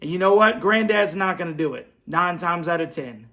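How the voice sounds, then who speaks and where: A man with a high, lively voice speaks at a normal speed, sounding pushed and bright. He hosts a sports fan show from his home computer setup, and after a loss he launches into an angry post-game rant that is blunt and repetitive.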